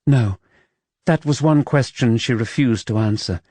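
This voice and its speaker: A man voicing a gentle, caring young woman raised in an orphanage, speaking softly and earnestly in an audiobook. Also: medium pitch, a little slow, no room sound, close to an everyday voice. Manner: soft, earnest, pleading. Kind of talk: audiobook character voice.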